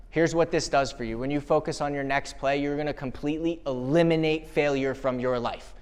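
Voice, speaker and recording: A man giving a live motivational keynote at an event, talking in a punchy, energetic way and firing rhetorical questions at the crowd. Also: fairly high pitch, clear, resonant tone. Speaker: motivational speaker.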